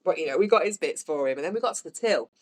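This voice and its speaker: A woman with a notably low-pitched voice tells a story on her podcast. She speaks in a relaxed, chatty way and voices the people in her story. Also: very fast. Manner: chatty, with lively voiced-out quotes. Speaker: podcast host. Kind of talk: casual storytelling.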